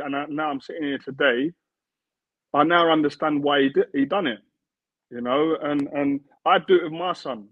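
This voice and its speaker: A man's voice: a little high, no room sound. A man in his thirties, a former football player, talking earnestly as an interview guest and repeating himself as he builds a point. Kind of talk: casual interview chat. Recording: tinny phone-like remote line, dry.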